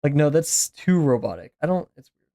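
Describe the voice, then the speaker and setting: A man's voice: fairly high pitch, very animated, fairly quick, dark tone, dry recording, clean studio sound. A man chatting casually while he draws on a stream, rambling with lots of fillers and restarts. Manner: rambling, filler-heavy musing. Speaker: art streamer. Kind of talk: casual chat while drawing.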